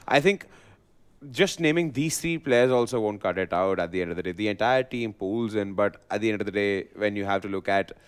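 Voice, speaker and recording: A man casting esports live, playful and excitable, teasing his co-caster. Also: fairly low pitch, brisk, clean tone.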